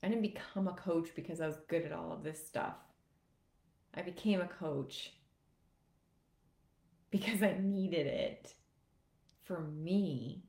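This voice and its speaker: A woman's voice: lowish voice, takes it slowly, long pauses, darkish tone. A woman fitness coach giving an earnest, emotional motivational talk on a live video. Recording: echoey room.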